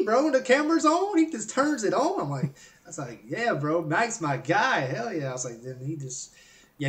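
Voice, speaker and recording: Young dude rambling on a podcast, kinda high voice, sounds a bit far from the mic. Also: male voice, fairly bright tone. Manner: rambling, lots of fillers, enthusiastic. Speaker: podcast co-host. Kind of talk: casual podcast chat. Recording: voice set back from the mic.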